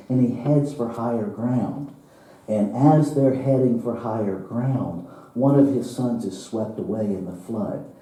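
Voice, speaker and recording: Slow, deep-voiced man preaching in an echoey hall. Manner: slow, dramatic parable telling with laughs and hushed drops. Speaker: minister. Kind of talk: sermon storytelling. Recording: roomy church hall, from far off.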